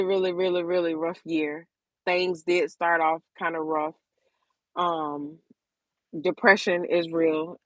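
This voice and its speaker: Candid low-voiced woman vlogger. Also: a bit bright, dry recording. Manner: open, emotional, repeats words for emphasis. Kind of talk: candid personal talk to camera.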